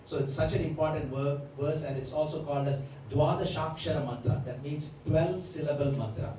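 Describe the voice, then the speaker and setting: Heard from a distant mic in an echoey hall with slight background noise, this Bhagavatam lecturer has a fairly high, warm, steady voice and talks a little fast. He explains the devotional scripture in depth, frequently asking the audience "right?".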